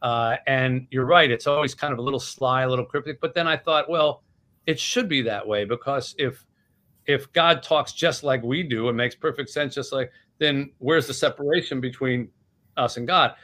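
A man's voice: mid-range voice, moderate pace, pushed and bright. A man in his sixties, an author talking casually about his book in an interview. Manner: chatty, retelling scenes with voices. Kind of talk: animated storytelling in conversation.

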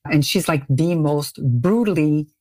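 A woman's voice: measured pace, no room sound. A middle-aged woman from Canada, a beauty brand founder, telling a story as a podcast guest and jumping into quoted voices. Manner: lively, acts out quoted voices with big pitch jumps. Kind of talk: animated storytelling in a podcast interview.

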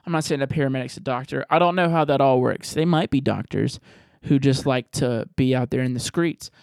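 A man's voice: medium pitch, fairly quick, creaky, darkish tone, dry recording, studio quality. A man hosting a podcast, answering voicemails in a rambling, profane, jokey way. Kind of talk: casual podcast chat.

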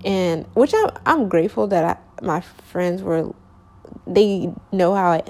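A woman's voice: fairly low pitch, animated, takes it slowly, mellow. Rambling young woman telling a story. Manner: rambling, lots of fillers and slang, self-correcting. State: sleepy, yawning. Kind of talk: casual storytelling.

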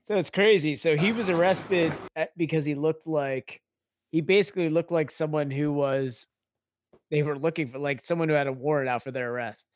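A man's voice: a little high, normal speed. A man co-hosting a casual podcast, laughing easily and explaining the story. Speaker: podcast co-host.

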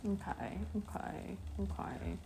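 A woman's voice: mid-range voice, sing-song, slow pace, background noise. A woman co-hosting a casual podcast chat at her home computer, exasperated, swearing often and mocking herself. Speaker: podcast co-host. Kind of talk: casual chat while gaming.

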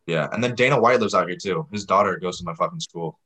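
A man's voice: low-pitched, fast, sharp tone. Laid-back teenage boy, profane podcast host. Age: teens. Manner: loose and profane, laughs easily. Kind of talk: casual chat with friends.

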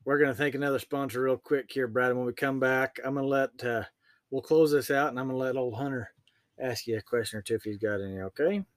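A man's voice: medium pitch, fairly even intonation, dry recording. A man hosting a casual interview show, asking questions with many fillers and reading a sponsor thanks. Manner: friendly, halting questions with fillers. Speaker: podcast host.

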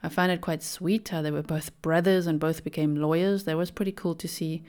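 A woman's voice: sits low, fairly even intonation, brisk, a little mellow, clear, resonant tone. A young adult woman hosting a podcast, giving casual, opinionated commentary with lots of "like" fillers. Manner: chatty, opinionated, many "like" fillers. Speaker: podcast host.

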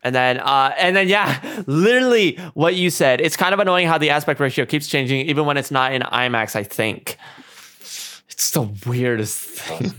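A man's voice: medium pitch, normal speed, bright, forceful tone, smooth. A man hosting a casual movie discussion, reading through his notes with frequent chuckles. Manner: reads from notes, chuckles often.

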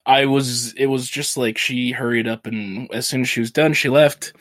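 A man's voice: mid-range voice, moderate pace, no echo, clean studio sound. A man co-hosting a podcast, stuffy from a sinus infection, telling stories with frequent laughter. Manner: laughing, animated storyteller. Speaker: podcast co-host. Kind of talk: casual chat.

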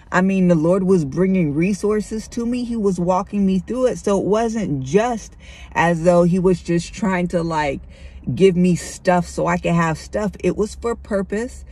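A woman's voice: fairly low pitch, a little mellow, breathy edge. A middle-aged woman speaking candidly and conversationally to her listeners, sharing a personal faith testimony. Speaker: Christian vlogger.

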